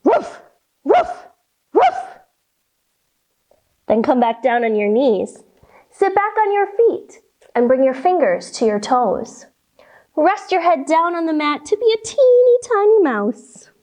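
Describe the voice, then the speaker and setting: A woman's voice: sits high, sing-song, a little slow, darkish tone. A young adult woman teaching a children's yoga lesson, giving cheerful sing-song instructions with rhymes and animal sounds.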